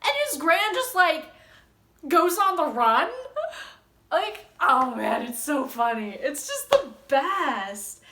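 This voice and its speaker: Young woman book vlogger, gushing and rambly. Bright, slightly high voice in an echoey room. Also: expressive, takes it slowly, slight background noise. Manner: gushing, rambling, with many likes and ums. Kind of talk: casual book chat reading passages aloud.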